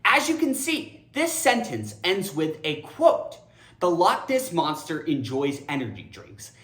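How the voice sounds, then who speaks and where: Animated woman teaching grammar, echoey room. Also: low voice, unhurried. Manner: animated, theatrical, addresses viewers directly. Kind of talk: playful video lesson.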